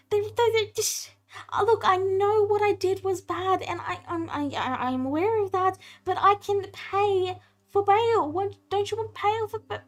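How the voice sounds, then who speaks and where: A woman's voice: extremely high pitch, pitched above the performer's own voice. A woman voicing a whiny male elf prisoner who stammers and pleads to be let out.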